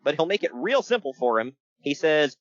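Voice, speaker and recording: A man's voice: fairly high pitch, moderate pace, no room sound, dull audio. A man co-hosting a casual podcast, joking and laughing as he recaps a wrestling show. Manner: joking, animated, laughs often. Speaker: podcast co-host.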